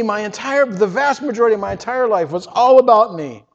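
A man telling his own story in the first person, earnest and emotional, often halting and repeating words. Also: sits high, expressive. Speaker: storyteller giving a testimony. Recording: reverberant, dull lo-fi sound.

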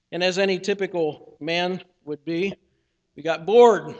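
Speaking at normal speed in a high voice, a man preaches an earnest sermon as a pastor, conversational and story-driven, voicing the people he quotes. His words echo through a reverberant church sanctuary.

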